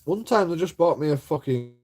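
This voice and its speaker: A man's voice: a little high, expressive, a little fast, darkish tone. A man ranting and complaining in a rambling story-time vlog, swearing often and trailing off into mumbles. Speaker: YouTube auditor vlogger.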